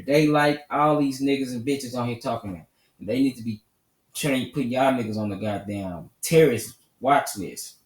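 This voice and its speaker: A man ranting with profane, combative, preachy commentary for his channel. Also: medium pitch. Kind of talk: angry commentary rant. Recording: roomy echo, mic at a distance.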